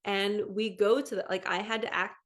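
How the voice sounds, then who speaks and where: A woman in her thirties speaks casually to her viewers as a spiritual coach, her pitch sitting in an ordinary middle range. She tells her story in an earnest, chatty way and acts out the voices of the people she quotes. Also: steady tone, normal speed. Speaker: spiritual coach and psychic medium. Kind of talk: casual monologue to camera.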